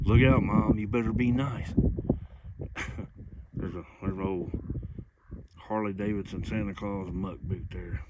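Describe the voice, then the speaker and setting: A man's voice: fairly low pitch, fairly even intonation, slow pace, long pauses. A middle-aged man rambling in a folksy way while filming a scenic vlog outdoors on a phone he holds in his hand. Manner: rambling, folksy, laughs often. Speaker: vlogger. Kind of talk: casual outdoor vlog narration. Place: outdoors on a windy rim overlook. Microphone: phone held in hand. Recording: lo-fi phone audio with loud wind. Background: wind.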